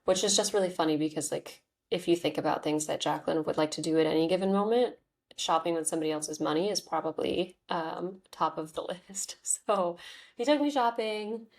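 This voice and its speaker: A woman's voice: deep voice, fairly even intonation, brisk, gravelly. A woman in her thirties, hosting a podcast and telling a personal story in a chatty, candid way, full of "like"s and "um"s. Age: 30s. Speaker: podcast host.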